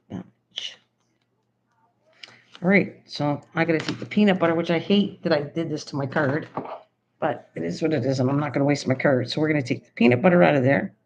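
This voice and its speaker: A woman's voice: low voice, creaky, darkish tone, husky. An older woman hosting a casual live stream. She chats on while writing down a recipe and thanks her viewers over and over. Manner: chatty, thinks aloud while writing, effusively thanks viewers. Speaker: livestream host. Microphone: computer streaming setup.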